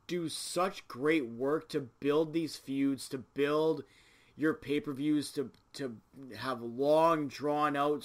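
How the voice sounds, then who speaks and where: A man from Canada hosting a casual wrestling podcast, ranting with exasperation and frequent swearing. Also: mid-range voice. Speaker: podcast host. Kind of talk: casual chat.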